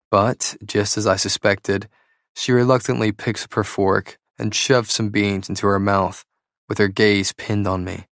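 A man reading first-person fiction aloud as an audiobook narrator, slow and deliberate. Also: fairly low pitch, a bit bright, no echo, studio quality.

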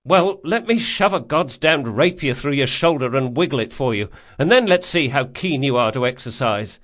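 Male reader as wounded young rogue: higher, louder, sarcastic and petulant. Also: lively intonation, normal speed, natural voice. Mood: sarcastic, irritable.

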